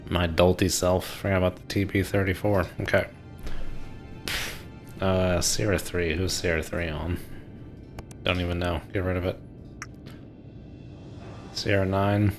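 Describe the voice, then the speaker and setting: A streamer with a very deep voice chats his way through a naval game, laughing often and muttering to himself. Faint music plays under his talk. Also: flat delivery, measured pace, pauses often. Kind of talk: casual gameplay commentary.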